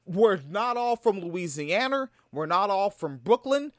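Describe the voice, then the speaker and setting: A man's voice: sits high, animated, measured pace, dry recording, studio quality. A man from Tacoma giving a profane, heated reaction commentary. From Tacoma, Washington. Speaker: video commentator.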